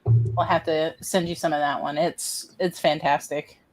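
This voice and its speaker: A woman guest with a low voice chats in a relaxed, easygoing way. She tells short anecdotes casually, like she's talking with friends. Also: measured pace, soft background music. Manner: relaxed, chatty storytelling. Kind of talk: casual chat.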